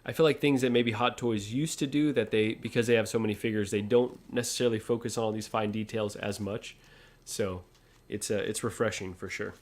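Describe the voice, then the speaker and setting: A man's voice: lowish voice, steady tone, a little fast. Laughing man hosting a live stream. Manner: laughs often, reads viewer comments aloud. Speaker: host. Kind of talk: casual live-stream chat.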